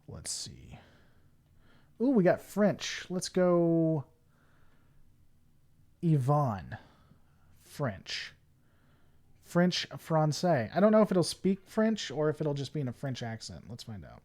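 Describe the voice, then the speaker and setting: A male livestream host talks casually at his desk mic, rambling between thoughts and answering viewer messages as they come in. His voice sits a little high and swings animatedly up and down. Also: very animated, slow, pauses often, darkish tone. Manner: rambling, reads chat aloud and answers it.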